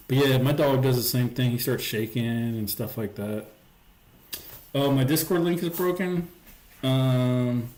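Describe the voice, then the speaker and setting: A man's voice: medium pitch, a little mellow. A man hosting a livestream, chatting casually and rambling, with lots of "like" and "um". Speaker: livestream host. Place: home stream setup. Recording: roomy echo.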